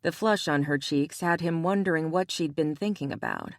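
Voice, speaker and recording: A woman narrating a romance audiobook in a measured, even read on a close mic. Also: sits low, gravelly, no echo.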